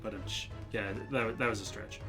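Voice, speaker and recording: A man's voice: on the low side, fairly even intonation, a little fast. A male streamer chatting casually during a live stream, laughing easily and swearing now and then. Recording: game music behind voice.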